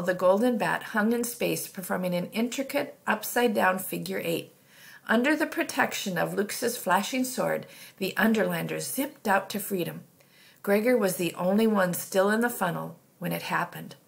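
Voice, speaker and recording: Narrating a children's storybook as an audiobook reader, this woman uses a plain reading voice, mid-range, creaky and fairly bright. Now and then she slips and restarts.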